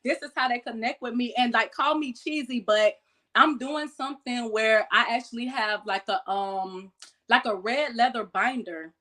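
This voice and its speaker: A woman, a podcast guest casually telling animated stories about keeping exotic pets and acting out quoted voices. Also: fairly high pitch, normal speed. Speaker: guest, exotic pet keeper. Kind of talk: casual storytelling chat.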